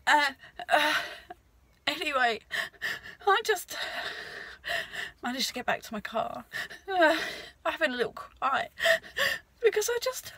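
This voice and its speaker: High, tearful woman talking to herself. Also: expressive, pushed and bright, no echo. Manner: tearful, halting self-talk. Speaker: vlogger. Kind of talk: emotional video diary.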